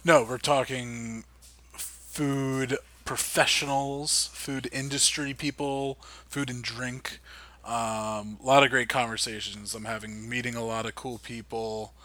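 A man's voice: mid-range voice, steady tone, slow, bright, forceful tone. A man co-hosting a podcast, rambling a little and repeating words as he thanks listeners. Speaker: podcast co-host. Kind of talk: casual podcast outro chat.

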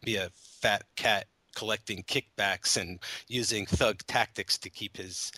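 Male podcast co-host, lower pitch, bright tone, amused and laughing, casual chat, dry sound. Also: steady tone, a little slow, no echo. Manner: amused, laughs often while talking. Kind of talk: casual movie discussion.

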